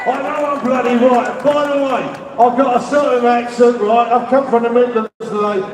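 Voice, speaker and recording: A middle-aged man with a London accent holds forth at a public rally, rambling between asides and shouted demands. His voice sits very high for a man. He is picked up from a distance, with a long echo and a faint crowd murmuring behind him. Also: steady tone, normal speed. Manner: rambling, shouts out demands, leads call-and-response. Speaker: activist speaker at a rally. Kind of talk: rally speech. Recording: echoey, distant, with crowd noise. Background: faint crowd and ambient noise.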